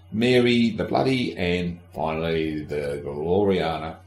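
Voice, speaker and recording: Low-voiced, irreverent male podcast host. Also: measured pace, hardly any pauses, roomy sound. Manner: irreverent, sardonic, swears casually; addresses the listener directly. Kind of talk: casual history podcast narration.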